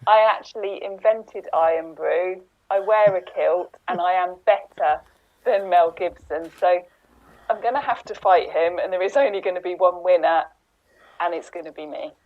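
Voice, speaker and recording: A woman's voice: fairly low pitch, normal speed, phone-quality sound, lightly acted. A woman playing a boastful, indignant male Scottish warrior in an online improv game, ranting cockily. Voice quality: cocky, indignant rant.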